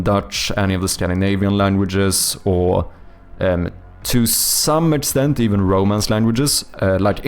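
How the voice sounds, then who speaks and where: A man's voice: fairly low pitch, a little mellow. A man with a Swedish accent, a streamer and game developer chatting casually and thinking aloud, often stopping to correct himself. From Sweden. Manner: halting, self-correcting, thinks aloud while answering chat. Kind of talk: casual live-stream chat.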